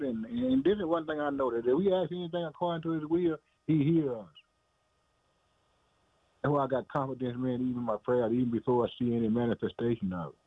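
A man preaches in a repetitive, emphatic way, calling out "man" and "boy" between his phrases. His voice sits in an ordinary middle pitch. The sound is thin and phone-like, with no room echo. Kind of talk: sermon. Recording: dry, phone-like narrow sound.

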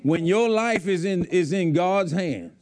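High-voiced preacher pressing his point. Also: animated, a little slow, darkish tone. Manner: emphatic, repeats lines for the congregation. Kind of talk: sermon. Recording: faint crowd from the congregation. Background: congregation.

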